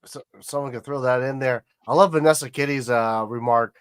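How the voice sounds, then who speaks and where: A man's voice: medium pitch, fairly quick, clean tone. A man in casual chat on a beer live stream, playful and wisecracking.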